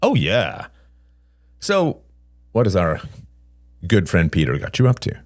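A man voicing a blunt, cynical middle-aged father who talks gruffly and mocks his son. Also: low voice, huge pitch swings, a little slow, no room sound, clean studio sound, voice pushed up, full character voice. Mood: mocking. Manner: gruff, mocking, laughs harshly.

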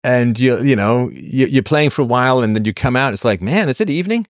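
A man's voice: mid-range voice, fairly quick, no room sound, clean studio sound. A man from England telling a rambling comic story, sardonic and full of exaggeration.

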